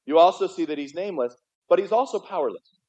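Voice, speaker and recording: A man's voice: sits high, lively intonation, fast talker, a little mellow. A man preaching a sermon as pastor in a church, talking conversationally and often stumbling and repeating his words. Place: church sanctuary. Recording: dull, muffled livestream audio.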